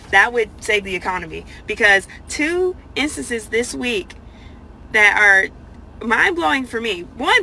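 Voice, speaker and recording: A woman telling an animated storytime rant, acting out both sides of the exchange in quoted voices. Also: mid-range voice, slight background noise, rough recording.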